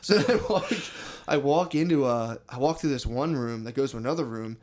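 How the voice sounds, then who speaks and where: Fast-talking rambling podcast guy. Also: medium pitch, expressive, a little mellow. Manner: rambling storyteller, swears a lot, says dude constantly. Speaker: podcast co-host. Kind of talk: casual comedy podcast chat.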